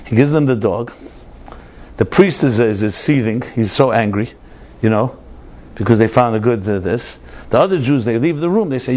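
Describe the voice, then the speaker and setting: Rabbi telling a story, muffled recording. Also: male voice, mid-range voice, expressive, moderate pace, a little mellow. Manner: conversational, digressive storyteller. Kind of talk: storytelling lecture. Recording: dull lo-fi lecture recording.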